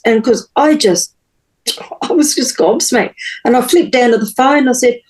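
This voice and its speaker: A woman's voice: on the high side, a little mellow, rough recording. Earnest woman telling her story. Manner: earnest, halting, many pauses and restarts. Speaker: podcast guest. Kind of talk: personal storytelling in an interview.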